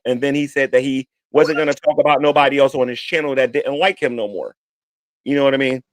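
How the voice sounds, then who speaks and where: A man's voice: mid-range voice, fairly even intonation, fast, no echo. A man with a New York accent hosting a livestream, talking bluntly and combatively and repeating his points. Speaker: livestream host. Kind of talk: heated livestream talk.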